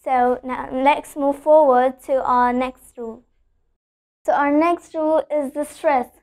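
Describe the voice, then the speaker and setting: A woman with a high voice teaches English pronunciation. She explains each rule patiently, says every example word more than once and keeps checking in with "okay?". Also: fairly even intonation, takes it slowly, a little mellow. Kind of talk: spoken pronunciation lesson.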